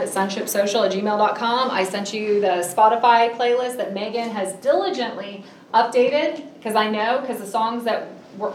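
A middle-aged woman with a medium-pitched voice preaches a sermon, earnest and emphatic, drawing out the stresses on key words. The recording is echoey and made from a distance, with slight background noise.

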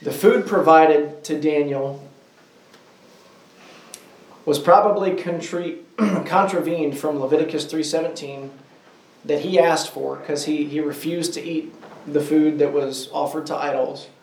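Guy teaching a bible class in an echoey room, bit high voice, kinda far from the mic, keeps quizzing the group. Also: steady tone, a little mellow. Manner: asks the group questions, slows down to stress key words. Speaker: Bible study leader. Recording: roomy echo, voice from off-mic.

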